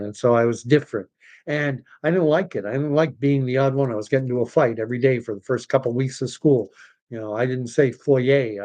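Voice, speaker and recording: A man's voice: medium pitch, dark tone. A middle-aged man from Canada hosting a livestream, rambling in casual commentary and turning scornful when he argues. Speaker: livestream host.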